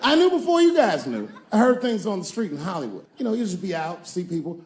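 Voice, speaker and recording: A man's voice: sits high, very animated, fast, a little hiss or hum. A man in his forties performing a crude, conversational stand-up set and riffing with the audience. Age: 40s. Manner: crude, conversational storytelling, riffs with the crowd. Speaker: stand-up comedian.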